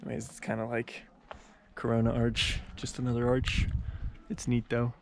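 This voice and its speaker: A man's voice: mid-range voice, completely flat delivery, moderate pace, gravelly, slight background noise. A man casually narrating his travel vlog outdoors, chatty and playful, sometimes dropping to a whisper. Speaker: travel vlogger. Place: outdoors in desert parks.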